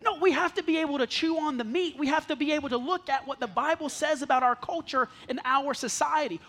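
A man's voice: very high voice, fairly quick, few pauses, sharp tone. A man who is a pastor preaching a sermon to a congregation, earnest, often repeating words as he restarts. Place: church service before a congregation.

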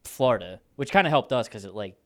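A man's voice: lowish voice, animated, fast talker, fairly bright tone. A man co-hosting a podcast, retelling history casually with lots of fillers and laughter. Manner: loose storytelling, laughs often, many fillers. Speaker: podcast co-host. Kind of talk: casual chat.

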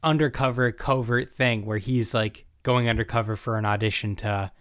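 A man hosts a comedy podcast, leading segments in a playful, casual manner. His medium-pitched voice is clear, resonant, and fairly bright, with fairly even intonation and a moderate pace, captured in clean studio sound with no room echo.

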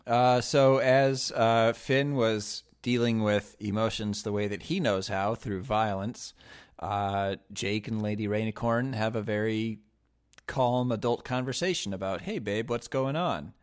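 A man's voice: fairly low pitch, fairly even intonation, unhurried, clear, resonant tone. A man co-hosting a podcast, explaining and recapping events in a casual chat. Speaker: podcast co-host.

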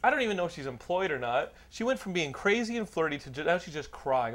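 A man's voice: a little high, lively intonation, fast talker, hardly any pauses, fairly bright tone. A middle-aged man hosting a podcast, telling a long profane anecdote in casual chat. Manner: profane, rambling anecdote teller. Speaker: podcast host.

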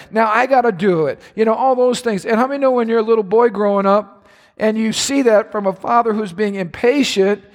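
A pastor preaching a sermon to his congregation, impassioned, his voice climbing higher when he is stirred. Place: large church hall. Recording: reverberant church hall.

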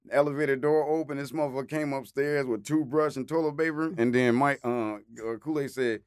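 Dry-sounding man telling animated stories. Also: medium pitch, brisk, clear, resonant tone, no room sound. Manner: animated, acts out voices in anecdotes, laughs often. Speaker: storyteller guest. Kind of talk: casual storytelling chat.

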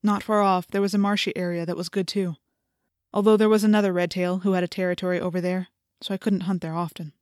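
A woman's voice: lowish voice, flat delivery, fast, darkish tone, no room sound, studio quality. Dramatic woman narrating an audiobook. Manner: dramatic, intense first-person storytelling. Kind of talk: scripted first-person audiobook narration.

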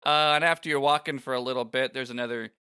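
A man's voice: mid-range voice, fairly even intonation, quick pace, bright, forceful tone, smooth, dry recording, studio quality. A man co-hosting a podcast, chatting casually and a little hesitantly about a video game. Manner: rambling, hesitant, with many fillers. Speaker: podcast co-host.

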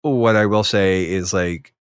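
A man co-hosting a podcast in casual chat, animated and rambling, mocking other players in quick quoted asides. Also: low voice, clear, resonant tone, no echo, studio quality. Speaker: podcast co-host.

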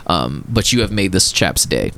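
A man's voice: sits low, very animated, moderate pace, bright, forceful tone. A man running a tabletop game as game master, narrating hesitantly with many fillers.

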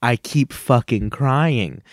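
A man's voice: mid-range voice, slow pace, no echo, studio quality. A man co-hosting a casual comedy podcast. He talks in an earnest, rambling way and drifts into grand speeches for laughs. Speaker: podcast co-host.

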